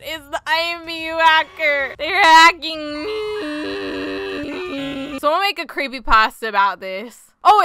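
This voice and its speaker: A young woman with a Southern accent, chatting excitably as she comments on her gameplay. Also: sits high. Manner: chatty, excitable, quick reactions with laughs and gasps. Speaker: YouTuber. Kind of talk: casual gaming commentary.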